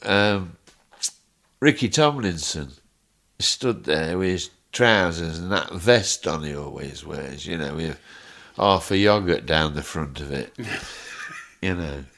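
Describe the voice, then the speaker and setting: The speaker is a man whose low voice moves slowly and carries vocal fry. Appearing on a podcast, he tells funny stories in an animated way, chuckling frequently as he goes.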